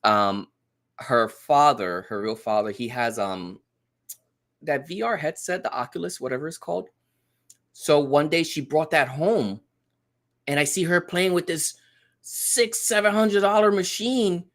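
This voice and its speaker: A man's voice: on the high side, a little slow. A man in his thirties chatting casually as a podcast guest, telling a story and acting out the quoted lines. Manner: animated storyteller, acts out quotes. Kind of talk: casual chat.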